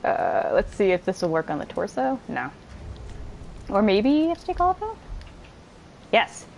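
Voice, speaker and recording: A woman's voice: mid-range voice, normal speed, vocal fry, low-quality recording. Woman doing a let's play, swings up and down a lot, giggly and sweary, faint hiss under it. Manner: excitable, giggly, swears freely, talks to viewers and enemies. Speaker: gamer streamer.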